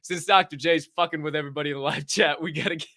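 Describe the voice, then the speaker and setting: A young man hosting a livestream podcast, loud and joking, swearing freely and laughing at himself. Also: a little high, fast talker, slight background noise. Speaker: podcast host. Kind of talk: loose, profane livestream chat.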